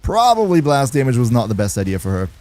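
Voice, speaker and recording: A man's voice: mid-range voice, big pitch swings, fast, dark tone. A man streaming a game live, chatting casually, laughing often and answering viewers in the chat as he plays. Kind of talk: casual livestream gameplay commentary.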